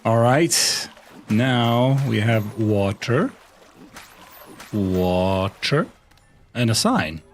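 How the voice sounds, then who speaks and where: A man streaming a game live, talking playfully with a co-player and breaking into goofy shouted chants as he narrates his moves. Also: on the low side, lively intonation, very slow, pauses often, slight background noise. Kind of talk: live gaming stream commentary.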